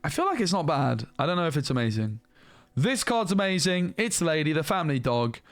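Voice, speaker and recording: A man giving casual, animated commentary as he reviews trading cards, thinking aloud and restarting sentences as he goes. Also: fairly high pitch, no room sound. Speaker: card game reviewer.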